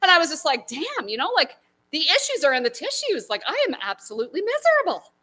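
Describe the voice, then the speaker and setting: Brief: bright, high-pitched woman comic telling a personal story on stage, acting out her voices. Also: fast. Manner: animated, acts out her own inner voices. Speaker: stand-up comedian. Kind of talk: stand-up storytelling. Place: small live venue.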